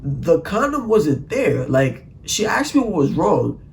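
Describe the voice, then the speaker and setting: A young man telling a profane, animated story in a casual vlog, full of "like" and "bro.". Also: on the high side, takes it slowly. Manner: animated, profane, slang-heavy, constant "like" and "bro".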